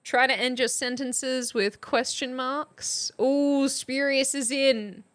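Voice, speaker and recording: A young woman streaming live, hosting a playful mock class in a casual chatty way, laughing often and exclaiming with excitement. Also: high voice, slow.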